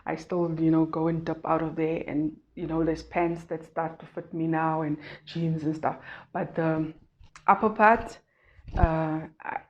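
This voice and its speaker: A woman's voice: sits low, flat delivery, a little slow. A woman talking earnestly and emotionally in a casual vlog, often restarting and repeating words. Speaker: vlogger. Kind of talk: casual weight-loss vlog. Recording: dull lo-fi recording.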